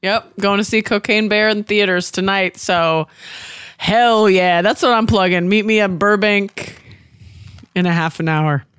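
A woman co-hosting a podcast in casual chat, wry and animated, quick to laugh along. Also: medium pitch, clear, resonant tone, no echo, clean studio sound. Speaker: podcast co-host.

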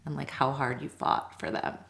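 A woman hosting an interview podcast, chatting casually and answering her guest with soft affirmations. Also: a bass voice, flat delivery, normal speed, vocal fry. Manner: warm affirmations, gets teary. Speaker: podcast host.

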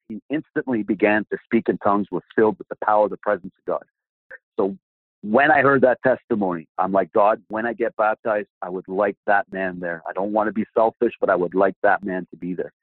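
Low-voiced man telling a testimony. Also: no room sound. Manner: animated storyteller acting out quoted dialogue. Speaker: guest. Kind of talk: personal testimony storytelling. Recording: dry, phone-like line.

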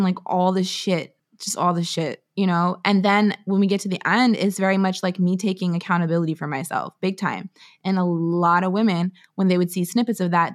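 Blunt, swearing Canadian woman guest. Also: lowish voice. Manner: blunt, profane and emphatic, full of slang. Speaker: author and podcast guest. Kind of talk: candid conversational interview.

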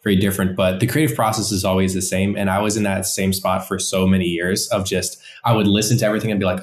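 A man's voice: on the low side, steady tone, fast talker, hardly any pauses. A man, a musician and songwriter, explaining his creative process with enthusiasm in a casual group discussion, acting out his own thoughts as he goes. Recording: roomy, echoey sound.

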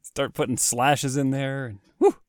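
A man with a mid-range voice hosts a casual podcast, bantering easily with his co-host. He reads even the sponsor spots in a chatty way. The recording is dry and close. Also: mid-range voice, a little slow, no echo. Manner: friendly, bantering, reads ads conversationally. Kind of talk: casual chat.

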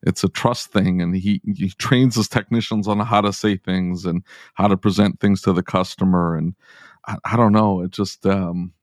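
A man's voice: low voice, fairly even intonation, normal speed, no echo, clean studio sound. A man hosting a podcast, chatting casually with jokey, teasing asides. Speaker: podcast host. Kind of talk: casual chat.

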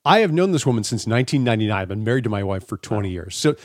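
A middle-aged man chatting casually as a podcast co-host, his pitch swinging widely as he tells profane, lively stories. The sound is dry and close, with no room around it. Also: racing, no echo. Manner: profane, animated storytelling. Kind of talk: casual chat.

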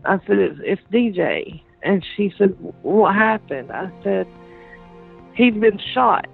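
A woman recounts painful events in an interview, her words halting and often repeated. Her voice has a deep, gravelly fry throughout. It comes through a thin, phone-like line with faint music underneath. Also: animated. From Georgia, USA. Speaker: interviewee, sister of the deceased.

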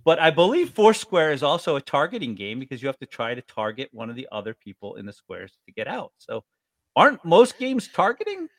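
A man in his forties from New York State tells stories in a lively voice that jumps all over its range. He sounds close and dry, with no room around him. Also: brisk, no room sound. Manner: animated storyteller, jumps up in pitch. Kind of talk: casual chat.

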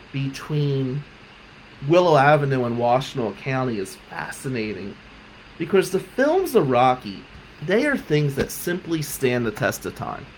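A man telling a personal story on his podcast, heartfelt, moving between loud emphasis and quiet reflection. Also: fairly high pitch, slight background noise, poor audio. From South Jersey. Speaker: podcast host.

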